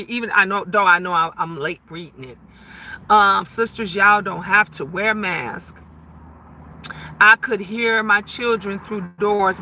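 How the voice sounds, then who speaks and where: A middle-aged woman hosting a casual live stream, reading comments and chatting loudly with sudden high squeals. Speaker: livestream host reading viewer comments.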